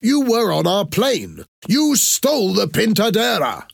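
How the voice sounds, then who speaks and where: A man reading an audiobook and voicing an excitable, angry middle-aged professor who shouts. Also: high voice, measured pace, creaky, no room sound, studio quality, pitched above the performer's own voice, heavily acted. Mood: accusing.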